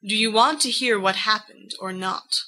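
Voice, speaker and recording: A woman's voice: mid-range voice, normal speed, sharp tone, poor audio. James, a woman reading as a cocky young man. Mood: recounting. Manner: boastful, rambling storyteller. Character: brash cocky eighteen-year-old young man.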